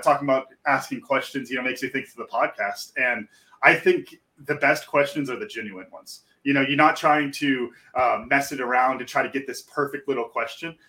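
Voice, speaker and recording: A man who coaches people on finding their purpose appears as a podcast guest in a casual interview chat. He talks earnestly and encouragingly, with many fillers, in a mid-range voice that sounds pushed and bright.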